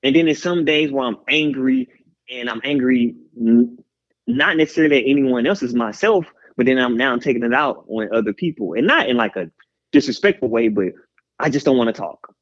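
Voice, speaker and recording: Lively man, lo-fi sound. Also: mid-range voice, a little fast. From Houston, Texas. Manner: animated, rambling, hype-man energy. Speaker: guest musician. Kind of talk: candid interview talk. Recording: slightly dull lo-fi radio audio.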